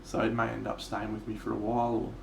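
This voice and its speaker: A man's voice: on the low side, completely flat delivery, fast talker, vocal fry, background noise. A man with an Australian accent, chatting casually and swearing freely while streaming his miniature painting live. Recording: echoey room.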